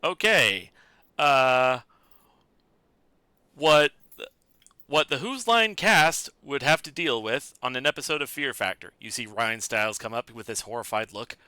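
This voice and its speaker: A man's voice: medium pitch, expressive, a little slow, sharp tone, clean tone, no room sound. A man streaming a game, chatting casually and laughing often in a playful way. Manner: giggly, playful. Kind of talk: casual gaming chat.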